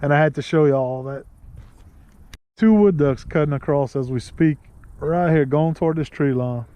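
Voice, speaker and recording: A man with a Louisiana accent talks casually from a kayak out on the marsh. His voice sits a little high, and he rambles through friendly asides and laughs easily. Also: moderate pace, mellow, lo-fi sound. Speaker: host. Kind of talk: casual outdoor vlog talk.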